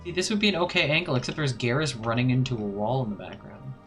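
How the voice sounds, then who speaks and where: A man with a medium-pitched, slightly bright voice talks fast while live-streaming a video game. He chats casually and playfully, humming little filler sounds as he decides what to do, with faint music in the background.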